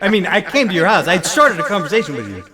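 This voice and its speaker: Brief: man playing a laid-back ghost father, higher voice, crowd behind. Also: wildly swooping pitch, fast talker. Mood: chummy. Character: dead father's ghost, middle-aged man, awkward and chummy. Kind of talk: improv comedy scene.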